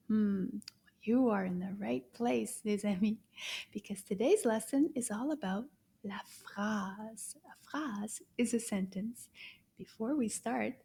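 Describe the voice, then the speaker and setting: A woman teaching a French lesson to children, animated, gasping and slipping into whispers, drawing words out slowly for repetition. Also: on the high side, creaky, husky. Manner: animated, gasps and whispers to a puppet; slow, drawn-out repetition for children.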